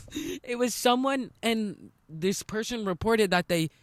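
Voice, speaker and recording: A woman's voice: on the high side, expressive, slow pace, no echo. A young woman co-hosting a casual podcast, telling a school story with lots of quoted dialogue and laughter. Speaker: podcast co-host. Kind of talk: casual chat.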